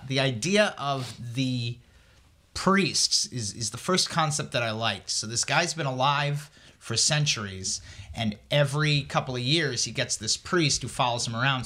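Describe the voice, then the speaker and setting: A man with a bright, forceful voice, talking through a movie in casual podcast chat. He is animated and jokey and keeps breaking into quick impressions. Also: medium pitch. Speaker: podcast co-host.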